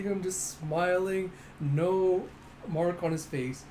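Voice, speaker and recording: A man walks through a comic panel by panel in a loose, casual way, swearing now and then. His voice is on the high side but mellow rather than bright, and a faint hiss of background noise runs under it. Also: fairly even intonation, slow pace, rough recording. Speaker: manga recap narrator. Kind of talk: casual manga recap.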